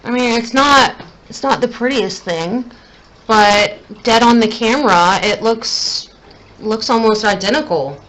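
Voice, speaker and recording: A young beauty vlogger chats casually at home while doing her makeup, thinking aloud and putting herself down as her frustration grows. Her voice is a little high and a bit bright, and she speaks unhurriedly. The audio quality is poor.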